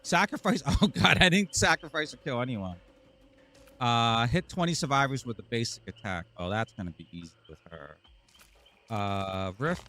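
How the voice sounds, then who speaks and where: A man's voice: medium pitch, expressive, moderate pace, pushed and bright. A man streaming a game live, rambling and joking to his chat with frequent laughs. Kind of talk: live gameplay commentary.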